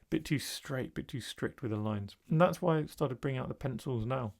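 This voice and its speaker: A male art tutor narrates a painting demo in a relaxed, casual voice-over, thinking aloud with plenty of fillers. His mid-range voice is slightly creaky and moves a little fast.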